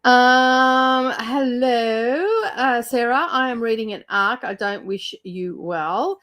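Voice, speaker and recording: A woman's voice: fairly high pitch, fairly even intonation, takes it slowly, fairly bright tone. A middle-aged Australian woman with a cold, hosting a casual livestream chat and rambling with frequent fillers. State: has a cold, clears throat. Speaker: book channel host.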